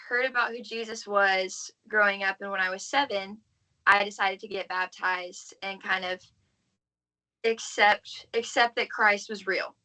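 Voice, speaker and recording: A woman's voice: mid-range voice, sharp tone, low-quality recording. A young woman from the southern United States, a podcast guest giving an earnest, heartfelt personal faith testimony in casual talk full of "like.". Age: young adult. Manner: earnest, heartfelt, frequent "like" fillers.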